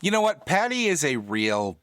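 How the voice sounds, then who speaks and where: A man's voice: on the high side, normal speed, dry recording, clean studio sound. A man co-hosting a casual gaming podcast, cracking jokes and griping in banter. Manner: joking, animated banter. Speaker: podcast co-host. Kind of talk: casual chat about a video game.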